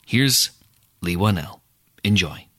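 A man's voice: low voice, animated, fairly bright tone, husky, no echo, clean studio sound. A man hosting a podcast, reading a scripted intro and then chatting easily with a guest in a booth. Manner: chatty, quick to laugh. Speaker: podcast host. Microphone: studio mic in a podcast booth.

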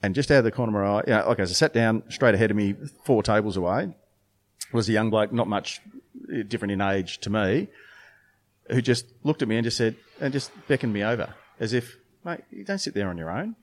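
Rambling man, lowish voice. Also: fairly quick. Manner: rambling storytelling with many restarts and fillers. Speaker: brewer and beer judge. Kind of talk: casual interview chat.

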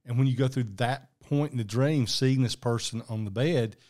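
A man hosts a podcast in a mid-pitched voice. He speaks conversationally and attentively as he reflects on his guest's story. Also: moderate pace. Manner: attentive, frequent soft affirmations. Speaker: podcast host.

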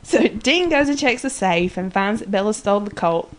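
A woman co-hosting a fan podcast, excitably recapping a TV episode, swearing freely and acting out characters' lines. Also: mid-range voice, moderate pace, slight background noise. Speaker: podcast co-host.

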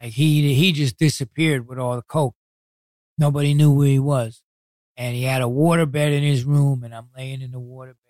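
A man with a mid-range voice and no echo speaks in a New York accent; he's from New York City. Guesting in a casual interview, he tells stories about his past. He talks in blunt street language with heavy swearing and quick retellings that act out other people's words.

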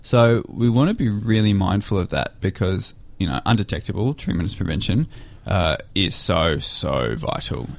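Young guy, low voice, laid-back reassuring chat, lots of "you know". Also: moderate pace, gravelly, few pauses, no echo. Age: young adult. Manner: relaxed, reassuring, many fillers and restarts. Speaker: community organiser, guest. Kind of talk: casual conversation.

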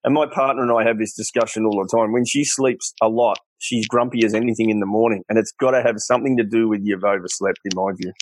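A man's voice: on the low side, fast, few pauses, dry recording, rough recording. A middle-aged Australian man, a guest in an interview, telling personal stories earnestly and quoting the people in them. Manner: earnest, animated storyteller, quotes others in his tales. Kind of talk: candid storytelling interview.

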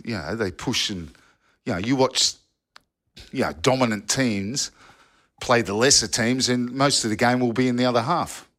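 A former footballer telling old yarns in a casual podcast chat, rambling with restarts and asides. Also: male voice, medium pitch, moderate pace, a bit bright. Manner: rambling storyteller with restarts and "you know". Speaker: football pundit, former player.

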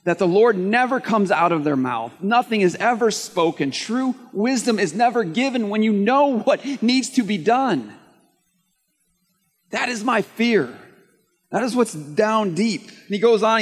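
A male pastor preaching a sermon to his congregation, lively and conversational. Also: sits high, husky. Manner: animated preaching, dropping to a soft prayer voice. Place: church service, room of listeners. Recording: long hall reverb, faint music.

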